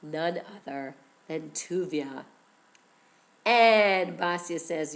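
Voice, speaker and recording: A woman teacher telling a story to children, animated and expressive, often asking questions. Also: mid-range voice, unhurried.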